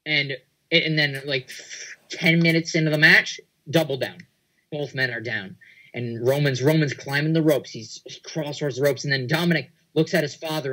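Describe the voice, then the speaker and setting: A man on a casual podcast, telling a long scenario in excited play-by-play. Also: on the high side, rough recording. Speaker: podcast panelist.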